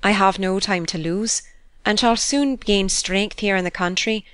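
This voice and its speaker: A woman voicing a meek, frail young governess with a composed, quietly penetrating manner. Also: mid-range voice, a little slow, clear, resonant tone, no room sound, close to an everyday voice.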